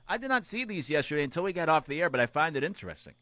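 A man's voice: fairly high pitch, sing-song, rapid-fire, bright, forceful tone, no room sound. A man hosting a sports talk show, musing aloud in a casual, conversational way and reaching for everyday analogies. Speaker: sports radio host.

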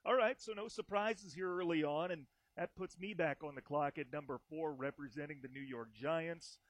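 Male sports chat host, upbeat, slightly high voice, dry close video call audio from home. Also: no echo, poor audio. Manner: upbeat, quick to laugh. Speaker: podcast host.

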